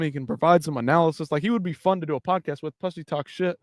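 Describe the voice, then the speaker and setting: A man's voice: a little high, fast, few pauses, no room sound, clean studio sound. A man hosting a live stream late at night, talking casually and profanely in a loose, rambling way with many restarts. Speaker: livestream host.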